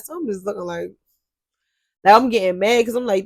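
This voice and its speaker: A young woman telling a workplace drama story to her viewers, animated and profane, often addressing them directly. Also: medium pitch, fairly quick, no echo. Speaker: store cashier telling a story. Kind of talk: storytime vlog.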